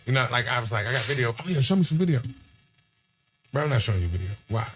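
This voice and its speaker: A man from Texas, chatting casually on a podcast and telling animated stories with acted-out quotes. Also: medium pitch, fast talker, slight background noise.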